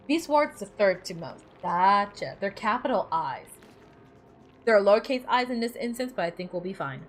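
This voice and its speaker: A woman streamer chatting casually while she plays, reading game text aloud and laughing easily. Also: mid-range voice. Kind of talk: casual gameplay commentary.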